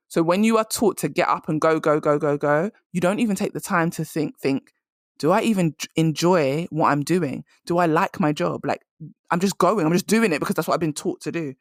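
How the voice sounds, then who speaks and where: A woman's voice: lowish voice, animated, quick pace, no room sound, studio quality. A woman hosting a podcast, giving direct, emphatic career advice in a casual monologue. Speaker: career coach and podcast host.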